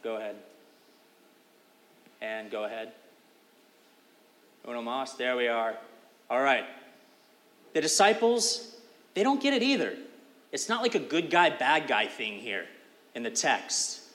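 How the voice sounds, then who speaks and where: A man's voice: medium pitch, big pitch swings, a little slow, long pauses, fairly bright tone, long reverb tail. A man giving a sermon as pastor, talking in a conversational, emphatic way with casual fillers.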